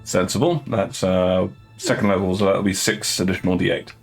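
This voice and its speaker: A man narrating as game master of a tabletop game, halting with frequent restarts and fillers. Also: sits low, steady tone, vocal fry, slightly rough, soft background music. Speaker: dungeon master.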